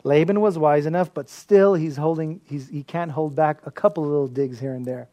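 A man preaching a sermon as a pastor, telling stories in an animated way and laughing often. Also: on the high side, normal speed. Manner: animated storytelling with frequent laughter.

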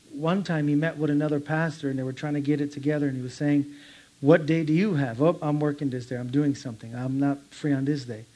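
Guy giving a laid-back sermon, kinda high voice, tells stories and acts out the people. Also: darkish tone. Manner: conversational storytelling with quoted voices; laughs while telling stories. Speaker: pastor. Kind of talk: informal sermon.

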